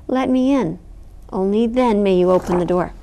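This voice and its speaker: A woman's voice: medium pitch, moderate pace, mellow, slight background noise, lightly acted. A woman voicing a worried mother of twin girls, speaking earnestly. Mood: anxious.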